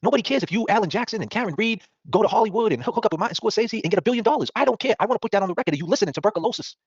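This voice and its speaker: A man hosts a podcast and rants at his critics in a fast, combative, profane voice. His pitch swings a lot, and it sits a little higher than most men's. The recording sounds dull, lo-fi and dry. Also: lively intonation, breathy edge, dry recording. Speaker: podcast host. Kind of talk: ranting talk-show monologue.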